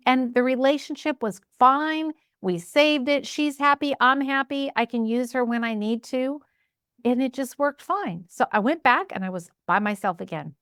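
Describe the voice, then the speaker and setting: A woman's voice: sits high, clear, resonant tone, dry recording, clean studio sound. A woman business coach telling stories and giving advice in a casual way, acting out her own thoughts and what others said. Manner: animated, acts out her own inner voice and quotes.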